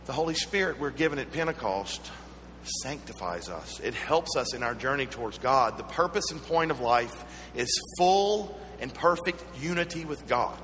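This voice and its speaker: A man with a Southern American accent preaching a sermon, mixing earnest teaching with personal stories and gentle humor. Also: mid-range voice, lively intonation, moderate pace. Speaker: pastor. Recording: echoey hall with faint hum.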